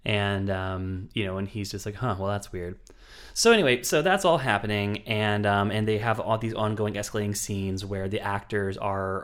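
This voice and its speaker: Low-voiced man rambling through a plot. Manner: rambling plot retelling with many fillers. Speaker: podcast co-host. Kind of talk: casual chat.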